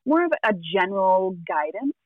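A woman's voice: medium pitch, very animated, moderate pace, no room sound, narrow, tinny audio. A woman tarot reader telling a story in casual chat, acting out the quotes and laughing often.

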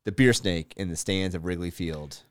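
A man co-hosting a podcast in casual chat, telling stories in an animated way and laughing easily. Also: low-pitched, moderate pace, smooth, no room sound, studio quality. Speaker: podcast co-host.

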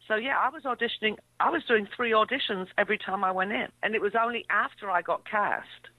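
Over a dry, tinny phone line, this English guest actress, middle-aged with a mid-Atlantic accent, talks fast at a medium pitch. Her casual interview stories come out chattily, peppered with fillers and restarts, and she laughs readily.

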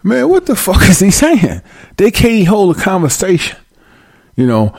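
Gravelly, profane male ranting host. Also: high voice, huge pitch swings, measured pace, no room sound. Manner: loud, profane, mocking, uses preacher-like call-outs. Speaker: show host. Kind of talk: comedic rant on a talk show.

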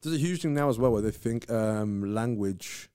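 A man's voice: medium pitch, lively intonation, normal speed, warm tone, clear, resonant tone. A man co-hosting a podcast in casual chat, rambling and swearing freely. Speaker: podcast co-host.

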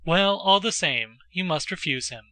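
A sharp, sarcastic countess mother, voiced by a man reading a storybook, brushing things off with cutting remarks. The tone is bright and dry, close to the mic. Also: high voice, animated, moderate pace, no room sound.

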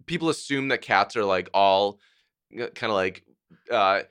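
A man with a fairly low voice chats on a podcast. His tone is bright and forceful, and he weighs his opinions in halting phrases, often restarting. The mood is relaxed. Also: smooth. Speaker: podcast co-host. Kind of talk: casual chat.

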